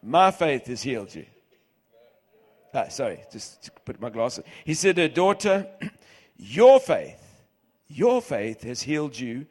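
A middle-aged man preaching a sermon, reading scripture aloud and repeating key words for emphasis, swinging between loud and hushed. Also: medium pitch, sing-song, unhurried, breathy edge.

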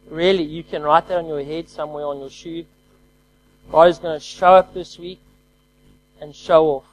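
High-voiced energetic male preacher. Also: low-quality recording. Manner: energetic call-and-response preaching; swings from loud to quiet. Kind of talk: sermon.

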